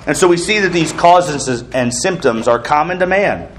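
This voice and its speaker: A man's voice: on the high side, lively intonation, normal speed, a little hiss or hum. A man preaching an earnest sermon as pastor, asking the congregation questions.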